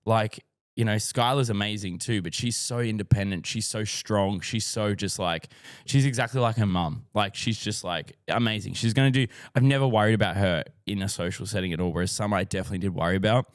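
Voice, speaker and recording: Low-voiced, sweary Australian dad. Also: male voice, brisk, dry recording, clean studio sound. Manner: rambling, sweary, says "like" a lot; openly emotional and heartfelt. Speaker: dad vlogger. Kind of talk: casual talk to camera.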